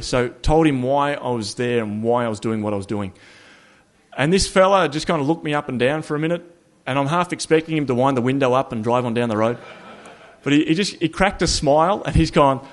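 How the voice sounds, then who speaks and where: A man's voice: mid-range voice, a little fast. A man in a mid-range voice recounts a long solo walk as a casual spoken story. He talks in an easy, conversational way, often correcting himself mid-sentence. His wry, self-mocking humor runs through the telling.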